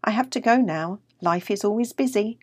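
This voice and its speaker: A woman voicing a tiny, restless grey male mouse with a quick, squeaky manner in a storybook. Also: no room sound, clean studio sound, close to an everyday voice. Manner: quick, squeaky, a bit higher.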